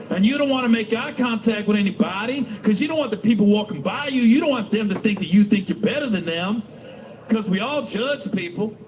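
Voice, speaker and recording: A man's voice: high-pitched, slight background noise, poor audio. A middle-aged male stand-up comedian telling profane, rambling stories full of restarts.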